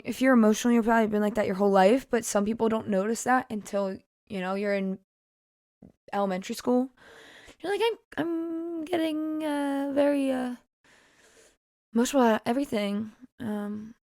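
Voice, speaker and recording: A woman's voice: medium pitch, darkish tone, dry recording, clean studio sound. A woman musician chatting casually about her own song, rambling through tangents with frequent laughs and fillers. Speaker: singer-songwriter discussing her song. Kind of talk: casual podcast chat.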